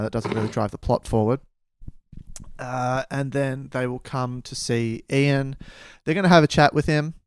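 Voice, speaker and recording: A man's voice: mid-range voice, smooth, no room sound. A man co-hosting a casual book podcast, rambling and joking with lots of fillers, with a slight head cold. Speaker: podcast co-host.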